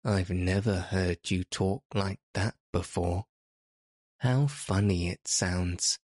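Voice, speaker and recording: A man's voice: low voice, fairly even intonation, slow, a little mellow, dry recording, studio quality. A man voicing a curious young boy who marvels eagerly in a storybook reading. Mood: amused.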